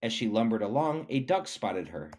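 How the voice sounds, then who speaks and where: A man reading a children's picture book aloud, expressive and animated. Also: on the low side, moderate pace. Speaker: reader.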